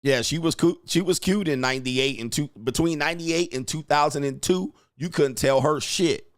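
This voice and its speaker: A man's voice: fairly high pitch, moderate pace, no echo, clean studio sound. Joking, profane male show host. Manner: joking, laughs at his own lines, keeps saying "all right". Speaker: commentary show host and dating coach. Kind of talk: casual profane commentary.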